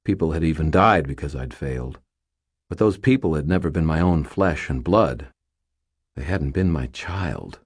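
A man giving grave, measured first-person audiobook narration. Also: rumbling low, animated, breathy edge, no echo, clean studio sound.

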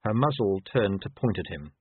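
Male audiobook reader, animated and expressive; husky, phone-thin, dry recording. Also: on the low side, normal speed, dry recording, phone-quality sound. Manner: lively, expressive storytelling. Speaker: narrator. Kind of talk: audiobook narration.

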